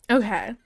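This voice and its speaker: A woman streamer chatting casually while she draws, frank, teasing and quick to giggle. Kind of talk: casual chat while drawing.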